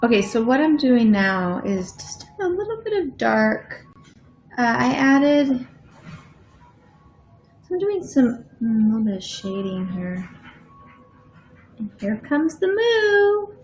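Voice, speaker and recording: A woman's voice: fairly high pitch, sing-song, a little mellow. A woman artist hosting a live stream from her studio, chatting casually while she paints and dropping to a murmur as she works. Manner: unhurried, thinking aloud with fillers, drops to a murmur while working. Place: home art studio. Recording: echoey room, faint background music.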